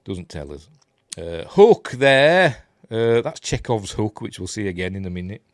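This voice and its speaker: A man's voice: lowish voice, sing-song, unhurried, dry recording. A middle-aged man with a Yorkshire accent, talking casually through a film scene by scene with lots of ums and dry, wry jokes. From Yorkshire, England. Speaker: film review host. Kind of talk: casual film commentary over footage.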